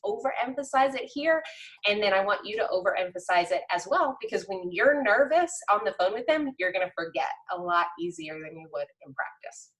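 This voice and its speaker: On a low-quality recording, a woman with a medium-pitched, expressive, fairly bright voice speaks briskly as she coaches real estate trainees. Her lesson is conversational and emphatic, giving direct instruction and often checking in with "okay?" and "right?".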